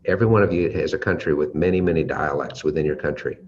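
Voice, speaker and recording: American male trainer, deep voice, demonstrates volume and pace shifts, slightly dull recording. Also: darkish tone. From United States. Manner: varies volume and pace to demonstrate, drawn-out pauses. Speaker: leadership trainer. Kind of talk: teaching talk with vocal demonstrations. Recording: slightly dull audio with faint ambient noise.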